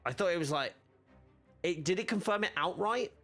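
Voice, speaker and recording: A man talks loosely over his game stream, trailing off and restarting his thoughts as he goes. His voice sits a little high for a man, and faint music plays in the background. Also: animated, moderate pace, gravelly, fairly bright tone. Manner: rambling, chatty, many fillers and restarts. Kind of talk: casual gaming stream chat.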